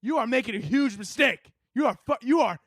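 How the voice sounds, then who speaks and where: A man voicing a pushy, desperate male salesman who shouts, curses and begs a customer not to cancel. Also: very high-pitched, animated, fairly quick, breathy edge, dry recording, studio quality, voice pushed up, full character voice. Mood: aggressive. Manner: shouting, cursing, pleading.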